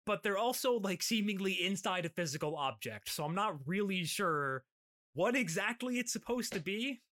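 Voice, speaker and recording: A man's voice: high voice, expressive, moderate pace, fairly bright tone. A man hosting a podcast, recapping an episode in casual chat, rambling with many fillers and restarts.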